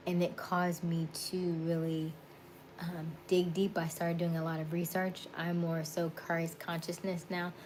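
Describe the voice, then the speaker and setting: A woman's voice: fairly low pitch, little pitch movement, measured pace, darkish tone, a little hiss or hum. A woman in her thirties from Florida, with a Florida accent, chatting casually on a livestream, laughing often and greeting viewers by name. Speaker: livestream host. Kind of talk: casual livestream chat reading viewer comments.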